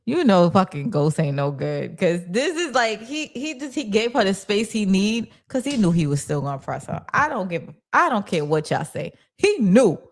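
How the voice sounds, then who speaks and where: A woman hosting a casual TV recap stream, retelling scenes with lively quoted dialogue and breaking off to read viewer comments. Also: medium pitch, moderate pace, hardly any pauses. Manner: animated storyteller, acts out characters' lines, reads viewer chat. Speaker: show recap host.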